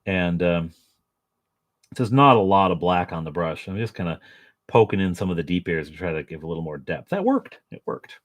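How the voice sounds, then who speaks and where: In a low, sing-song voice and a slightly quick pace, a channel host chats casually while painting miniatures at home. His talk wanders, full of self-deprecation and jokes on the side.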